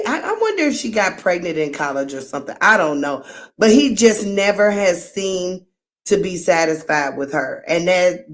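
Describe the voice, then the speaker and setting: Slow-talking woman giving frank live commentary. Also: on the low side. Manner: frank, exclaiming, laughing asides. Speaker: host.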